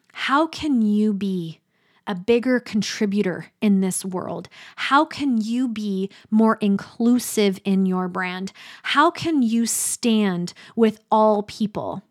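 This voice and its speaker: Woman, middle-aged, motivational talk, earnest, emphatic, dramatic pauses. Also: medium pitch. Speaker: speaker.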